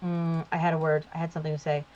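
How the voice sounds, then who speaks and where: Very fast and flat, her low-pitched, slightly mellow voice belongs to a voice actor from New Jersey who is a guest on a gaming session. She chats casually, moving her voice placement around to demonstrate, on a dull lo-fi recording.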